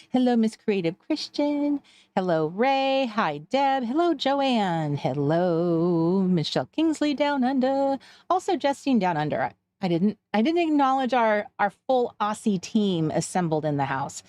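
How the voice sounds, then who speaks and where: A woman's voice: a little high, dry recording. Chatty woman hosting a livestream. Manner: chatty, warm greetings, self-correcting. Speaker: livestream craft host. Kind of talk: casual livestream chat greeting viewers. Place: home.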